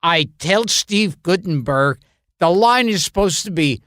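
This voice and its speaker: A man's voice: sits high, expressive, measured pace, a bit bright, no echo, studio quality. An older man co-hosting a podcast, telling stories in casual chat and laughing often. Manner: storytelling with frequent laughs. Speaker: podcast co-host.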